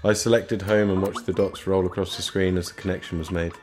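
A young man narrates a first-person tale in a low, understated voice. His delivery is dry and subdued. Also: level tone, a little fast, darkish tone, faint music behind. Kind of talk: scripted narration.

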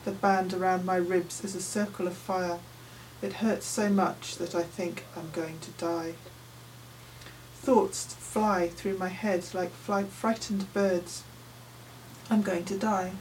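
A woman's voice: medium pitch, darkish tone, recorded from a distance, a little hiss or hum, low-quality recording. A woman reading a novel aloud in the first person, with tense, vivid storytelling. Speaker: audiobook narrator. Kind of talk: first-person audiobook narration.

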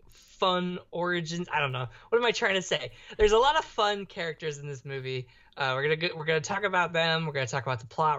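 A man's voice: on the high side, a bit bright. A young adult man co-hosting a casual podcast, joking and rambling, often tripping over his words. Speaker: podcast co-host. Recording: dull lo-fi audio.

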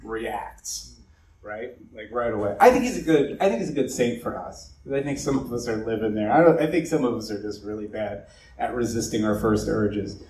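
A man's voice: on the low side, moderate pace, darkish tone. A man leading an evening church meeting, talking to the congregation in a loose, chatty way full of fillers and asides. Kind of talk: casual evening talk to a congregation. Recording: echoey room, distant mic, faint noise.

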